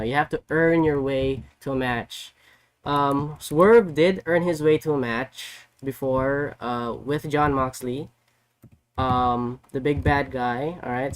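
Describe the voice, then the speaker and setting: A man streaming casually, recapping a story in an excitable, rambling way full of "like" and "you know". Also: fairly high pitch. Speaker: vtuber streamer. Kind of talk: casual chat.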